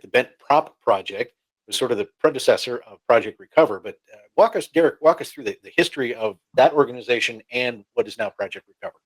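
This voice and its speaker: A man's voice: mid-range voice, low-quality recording. A man hosting a panel interview, introducing his guests and asking questions in a friendly, informal way. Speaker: show host.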